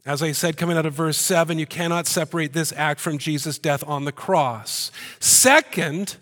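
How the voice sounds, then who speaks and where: A man preaching with a slightly high, lively voice that climbs and gets louder whenever he drives a point home. He slips in jokey asides between verses. A long reverb trails off each phrase, the sound of a big hall. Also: moderate pace. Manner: animated, jokey asides, rises in pitch and volume for emphasis. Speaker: pastor. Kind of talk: sermon. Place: church hall.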